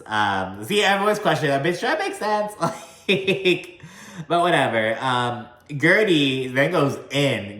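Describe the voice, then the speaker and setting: A man's voice: medium pitch, fairly bright tone. Chatty, cussing man in an echoey room. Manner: chatty, swears often, says "like" a lot; admits talking fast and mashing words together. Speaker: reality TV recap host. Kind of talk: casual profane recap vlog.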